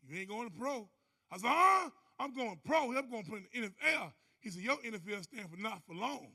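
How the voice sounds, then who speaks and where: A man giving an animated motivational testimony on a conference stage. He tells his story as a storyteller, acting out other people's voices and whooping. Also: very high-pitched. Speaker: conference speaker. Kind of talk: motivational testimony to a live audience.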